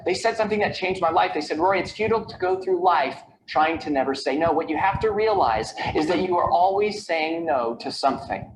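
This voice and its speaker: High-voiced man giving a keynote talk. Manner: storytelling with rhetorical questions and repeated lists. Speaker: keynote speaker on time management. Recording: echoey video played over a call with background noise.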